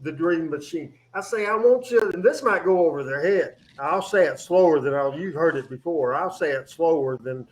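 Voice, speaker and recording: A man hosting a radio show in casual studio chat, energetic and rambling, with many fillers and restarts. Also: on the high side, normal speed, few pauses, rough recording.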